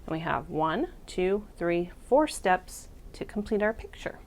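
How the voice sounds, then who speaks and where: A woman preschool teacher reading a picture book aloud to young children, doing expressive voices for the animals, then leading a drawing activity. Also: lowish voice, a little slow. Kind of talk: children's storybook read-aloud.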